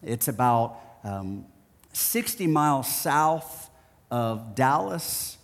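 A man from Texas preaching a sermon, telling stories in a playful, animated way. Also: mid-range voice, drawn-out words, long reverb tail. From Houston, Texas. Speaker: pastor.

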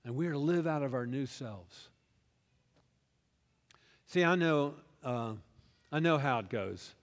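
A man preaching a sermon as pastor, moving between quiet confiding asides and loud rousing call-and-response with the congregation. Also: mid-range voice, expressive, a little slow. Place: church hall. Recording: long reverb of a large hall.

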